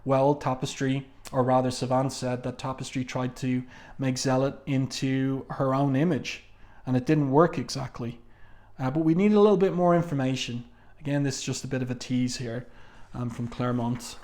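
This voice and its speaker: A man's voice: mid-range voice, fairly even intonation, moderate pace, darkish tone. A man talking casually through a comic book review, reading quotes from the panels aloud, with frequent fillers and asides.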